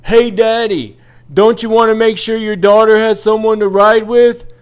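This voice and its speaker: A man putting on the voice of a pushy, nosy woman who yells at him from a crowd. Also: high voice, fairly even intonation, moderate pace, clear, resonant tone, pitched above the performer's own voice, natural voice. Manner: shouting, pushy.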